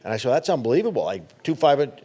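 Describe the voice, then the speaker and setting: A middle-aged man talks as a guest on a podcast in an ordinary mid-range voice. His delivery is easygoing and halting, and he often doubles up words as he starts a sentence. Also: medium pitch, very animated, warm tone. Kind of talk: casual chat.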